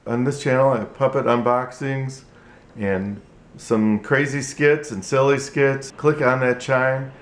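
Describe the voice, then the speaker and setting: A man teaching ventriloquism in a tutorial vlog, halting and repetitive, with frequent restarts. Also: mid-range voice, fairly even intonation. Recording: echoey room.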